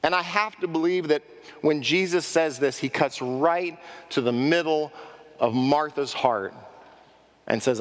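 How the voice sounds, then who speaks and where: A man preaching a sermon as pastor, animated, acting out quoted speech and asking the congregation direct questions. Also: a little high, a little slow. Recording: echoey hall reverb.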